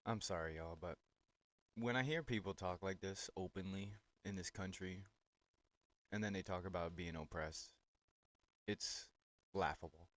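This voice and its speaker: A man's voice: low voice, a little slow, pauses often, a bit bright. A man hosting political reaction commentary on clips, talking in a blunt, sarcastic and profane way.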